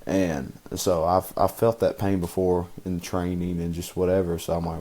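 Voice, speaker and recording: A man's voice: deep voice, flat delivery, moderate pace, dark tone. A young man co-hosting a podcast, talking casually in a rambling way with many fillers and restarts. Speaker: podcast co-host. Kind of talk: casual chat.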